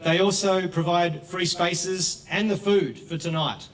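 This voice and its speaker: A man with an Australian accent giving a grateful speech at a live event as a charity co-founder, trailing off softly with fillers. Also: high voice, fairly even intonation, a little slow, soft background music. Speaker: charity co-founder thanking supporters. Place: event hall with an audience. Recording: distant mic in a crowded hall.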